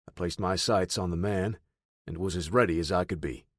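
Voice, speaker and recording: Hombre grave narrando audiolibro. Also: male voice, low-pitched, normal speed, no room sound, studio quality. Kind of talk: first-person audiobook narration.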